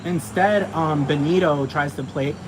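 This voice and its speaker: A man's voice: a little high, unhurried. A man ranting profanely and emphatically, repeating himself as he talks. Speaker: commentator. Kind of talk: ranting monologue. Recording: noisy with vehicle sounds behind.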